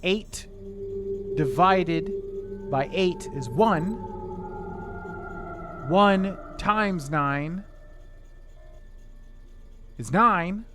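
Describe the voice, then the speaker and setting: A high-voiced man draws out his words and pauses often over music. Streaming a video game, he thinks out loud, tallying sums to himself and grumbling half-jokingly in relaxed let's-play style.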